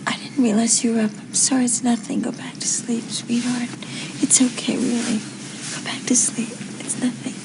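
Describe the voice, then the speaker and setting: An actress playing a crying young wife who answers in hushed, half-whispered tones in a 1970s TV soap. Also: female voice, a little high, little pitch movement, fast talker, hardly any pauses, lightly acted. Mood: tearful. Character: tearful young wife hiding her distress. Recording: noisy old TV audio.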